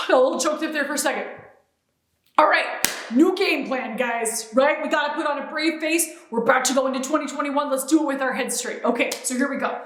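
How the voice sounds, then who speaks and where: Woman, comedic monologue, enthusiastic, high voice, echoey. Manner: excitable, quick bursts of enthusiasm. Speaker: comedy sketch performer.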